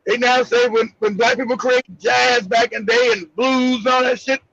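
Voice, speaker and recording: High-pitched man, gravelly voice, bright sound, blunt laughing co-host, dull lo-fi recording. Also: moderate pace. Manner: laughing, blunt, animated storytelling. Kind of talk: casual chat.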